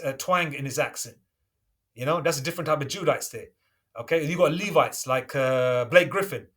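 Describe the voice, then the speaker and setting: A man with a fairly high voice delivers a preaching lecture, reading scripture aloud between points. He keeps checking in with his listeners, and his emphasis comes in sudden loud bursts. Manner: checks in with listeners constantly, asking "okay?" and "all right?". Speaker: religious teacher.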